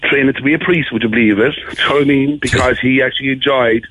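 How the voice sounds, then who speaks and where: A man's voice: mid-range voice, steady tone, fast talker, a bit bright, slightly rough. A man with a Cork accent, calling in to a radio show, chatting casually and rambling with lots of fillers. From Ireland. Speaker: caller. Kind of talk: casual chat. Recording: tinny phone line.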